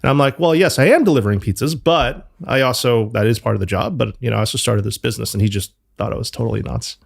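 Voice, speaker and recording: A company founder talking loosely as an interview guest, full of fillers and the odd swear word. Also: male voice, medium pitch, fairly even intonation, quick pace, vocal fry, husky. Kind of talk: casual interview talk.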